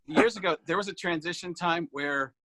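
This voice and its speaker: A man, a comedian guest, chatting casually over a video call and telling animated stories. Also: a little high, fairly quick, a crowd in the background. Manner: animated storyteller, slips into voices. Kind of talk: casual chat.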